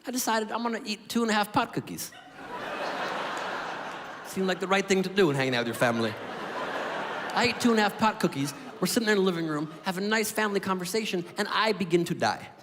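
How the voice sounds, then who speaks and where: A man doing stand-up storytelling, with a deadpan delivery and quick punchlines, on a stage mic in a club. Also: high voice. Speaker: stand-up comedian. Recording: echoey hall with crowd and noise.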